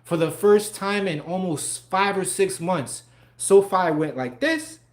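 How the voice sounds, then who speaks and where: A young man hosting a livestream talks in a high-pitched, slow voice. He's casual and animated, swearing freely and laughing often.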